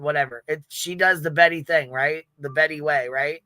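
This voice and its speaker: A woman's voice: sits low, steady tone, normal speed, pushed and bright, dry recording. A woman hosting a livestream in casual commentary, brash and profane, often breaking into laughter. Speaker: livestream host.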